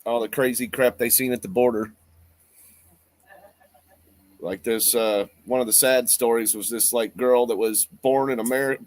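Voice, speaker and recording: A man guesting on a stream, telling stories in a relaxed, plain-spoken way. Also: mid-range voice, dry recording. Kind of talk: casual chat.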